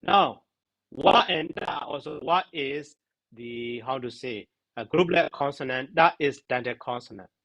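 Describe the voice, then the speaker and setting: A man teaching Pali grammar in a class discussion, halting and searching for words, with many fillers. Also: mid-range voice, a bit bright, rough recording.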